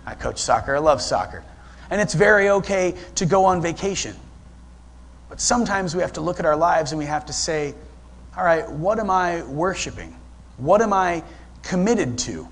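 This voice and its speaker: Preaching as a guest, a middle-aged man from Ohio spins his sermon into a conversational story, with lots of restarts along the way. His voice runs high and expressive, at a normal speed.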